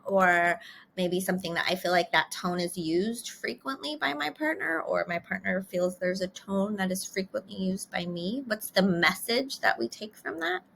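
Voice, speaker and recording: A woman's voice: medium pitch, gravelly, sharp tone, a little hiss or hum. A middle-aged woman couples therapist talking casually and candidly to the camera, laughing between phrases.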